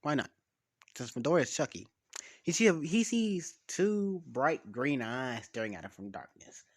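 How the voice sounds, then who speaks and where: A man's voice: medium pitch, expressive, normal speed. A man casually making up a story as he goes, rambling, swearing and losing track of names.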